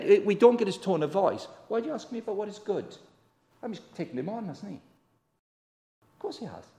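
A man gives a sermon as a visiting preacher, talking to the congregation in a chatty, direct way and often asking them questions. His voice has a gravelly edge and swings widely in pitch. The sound carries the long reverb of a large church hall. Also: dark tone. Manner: conversational, asks the congregation questions; acts out quoted voices with big pitch swings. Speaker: guest preacher.

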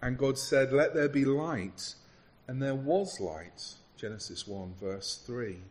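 A man's voice: mid-range voice, slow. Earnest conversational male preacher. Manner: earnest, conversational, with frequent restarts. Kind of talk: sermon.

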